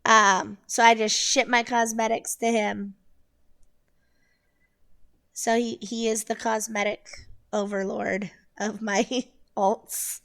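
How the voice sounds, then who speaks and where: A woman co-hosting a game podcast in lively casual chat. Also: fairly high pitch, slow, vocal fry, long pauses. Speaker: podcast co-host.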